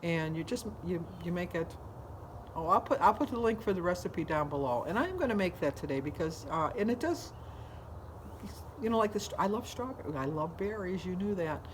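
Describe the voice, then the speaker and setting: A woman chats straight to her viewers in a loose, rambling vlog style, drifting from one thought to the next. Her voice sits a little low for a woman. A faint noise runs under the recording. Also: lively intonation, fairly quick. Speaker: vlogger. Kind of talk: casual vlog chat.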